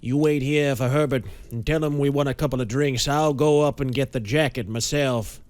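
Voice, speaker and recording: A man voicing a haunted, frightened millionaire in an audiobook, with a hoarse, rasping voice and slow, pained speech. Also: mid-range voice, fairly even intonation, a little mellow, dry recording, voice pushed up, natural voice. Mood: gruff casual. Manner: speaks slowly and painfully. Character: rich middle-aged male millionaire, haunted and frightened.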